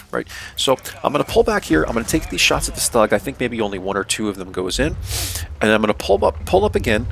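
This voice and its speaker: A medium-pitched, creaky voice with a fairly bright tone and slight hiss or hum belongs to a young North American man. He's casually commenting on his own tank game, explaining strategy and leaning on "um," "right?" and "man."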